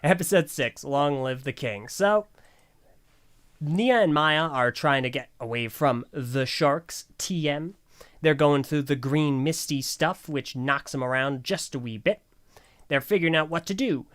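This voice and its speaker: A man's voice: fairly high pitch, a little slow, fairly bright tone. This is a man hosting a casual podcast. He recaps a cartoon episode in a sarcastic, joking way and keeps interrupting himself. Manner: jokey, sarcastic. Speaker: podcast host.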